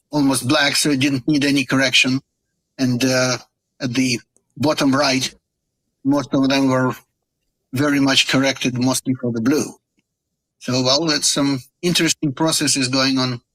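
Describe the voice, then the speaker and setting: A man with a bright, forceful voice explains technical details as co-host of a presentation. He halts and restarts, dropping uhs while he finds his words, yet keeps the explanation moving. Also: medium pitch, rough recording. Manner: explains with fillers and halting restarts. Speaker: contest co-host.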